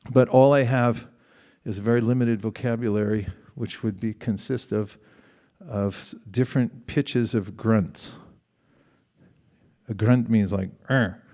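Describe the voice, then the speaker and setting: A middle-aged man delivers a sermon in a relaxed, conversational way, often turning to his listeners with questions and playing out little back-and-forth dialogues. His voice sits at an ordinary pitch with a mellow, darker tone. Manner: conversational, questions the audience, acts out quoted exchanges. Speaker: spiritual teacher. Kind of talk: sermon to a live audience.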